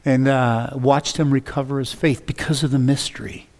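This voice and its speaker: A man preaching a sermon as a pastor, telling stories with lively acted-out dialogue. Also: mid-range voice, normal speed, gravelly. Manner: animated, acts out dialogue in his stories. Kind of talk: storytelling sermon. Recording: long reverb of a large hall.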